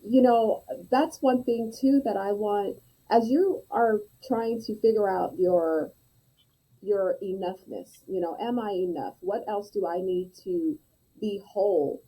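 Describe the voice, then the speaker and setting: A woman hosting a podcast interview, asking gentle probing questions and affirming her guest. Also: mid-range voice, a little slow, breathy edge, poor audio. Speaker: podcast host.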